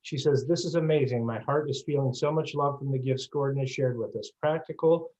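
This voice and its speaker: A man's voice: mid-range voice, a little fast, darkish tone, lo-fi sound. A man hosting a video call, reading listeners' questions aloud to a guest. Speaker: host reading audience questions.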